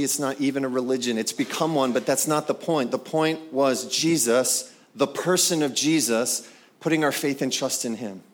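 A man preaching a sermon, animated and conversational, acting out scripture scenes with playful voices. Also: medium pitch. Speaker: pastor.

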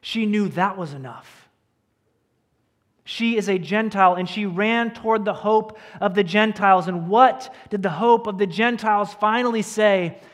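A man preaching a sermon as pastor to his congregation, earnest and emphatic, sometimes sinking to a hushed tone. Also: high-pitched, measured pace. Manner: earnest preacher, dropping to a hush at key lines. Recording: church hall with long reverb.

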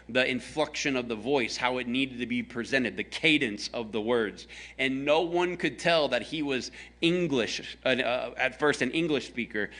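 A man's voice: medium pitch, pushed and bright. A man from the American South preaching a conversational sermon, telling a story with jokes aimed at his congregation. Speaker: pastor.

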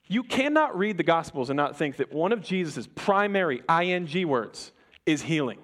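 A young adult man preaching a sermon to a congregation in a conversational, animated way, often restarting his sentences and acting out the people in the story. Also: fairly high pitch, moderate pace. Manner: conversational, animated, self-interrupting. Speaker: pastor. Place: church before a congregation.

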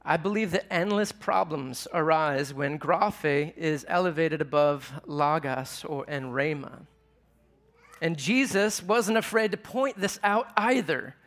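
A man's voice: fairly high pitch, takes it slowly, a bit bright. A man preaching a sermon to a live audience in a conversational way, asking them questions as he teaches. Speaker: pastor.

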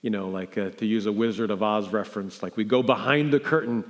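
A man's voice: fairly low pitch, steady tone, fairly quick. A man preaching a sermon as pastor, conversational with fillers and restarts, building to incredulous emphasis.

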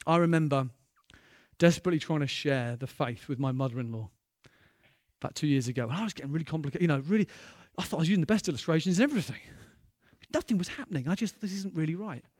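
High-voiced preacher, dry close sound. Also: male voice, fast, no room sound. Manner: lively storytelling with bursts of loud excitement. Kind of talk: sermon.

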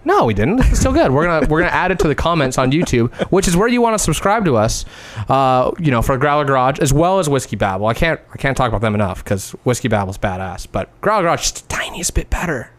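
An American man hosts a casual podcast, joking with his guests in a loose, animated way. His voice sits in an ordinary middle pitch. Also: fast talker. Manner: joking, animated, mocks accents. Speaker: podcast host. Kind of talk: casual chat.

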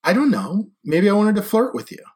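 A man's voice: high voice, sing-song, brisk, voice pushed up. A man voicing a blunt, sarcastic teenage girl in an audiobook reading, with a teasing manner.

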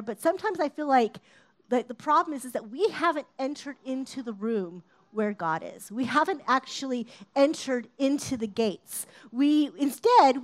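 A woman giving a casual, conversational sermon, sometimes acting out shouted lines. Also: sits high. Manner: conversational, acts out shouted quotes. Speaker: preacher.

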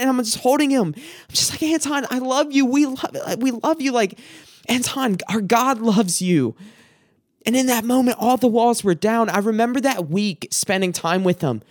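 A man's voice: extremely high pitch, no echo, clean studio sound. A man preaching a sermon, telling personal stories in an emotional, heartfelt way and repeating words for emphasis.

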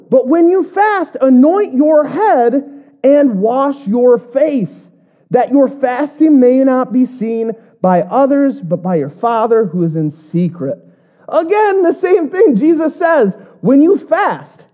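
A woman giving a casual Bible teaching. She jokes between passages and reads scripture slowly. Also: high-pitched, very animated, mellow, muffled recording.

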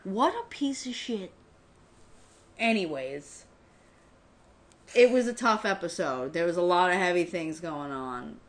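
A woman's voice: fairly low pitch, measured pace, pauses often. A woman co-hosting a podcast, chatting casually as she recaps a TV episode, swearing a lot and acting out the characters' lines. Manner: profane, animated, acts out characters' lines. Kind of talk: casual chat.

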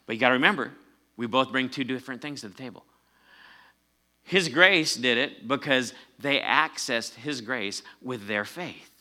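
Male pastor, bright and forceful tone, casual sermon delivery with emphatic swells. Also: mid-range voice. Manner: conversational preaching, rising to emphatic peaks.

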